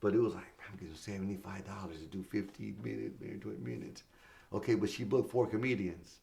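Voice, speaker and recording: A man's voice: lowish voice, steady tone, a little fast, gravelly, warm tone. A middle-aged man, a stand-up comedian guest, telling casual stories in an interview, acting out quoted voices and swearing freely. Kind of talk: casual storytelling in a podcast interview.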